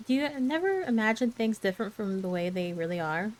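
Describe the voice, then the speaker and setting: A woman puts on a dreamy, excitable orphan girl in a soft ASMR bedtime storybook reading. The girl pleads and gushes in a slightly higher, slower, breathless voice. Her voice sits mid-range for a woman. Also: lightly acted, poor audio. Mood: gushing.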